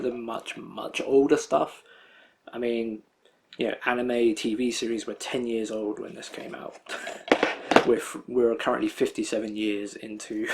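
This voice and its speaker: A man's voice: mid-range voice, creaky. Man, young adult, casual haul vlog, rambling, filler-heavy, laughs to himself. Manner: rambling, many fillers, chuckles often. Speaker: anime collector showing a disc haul.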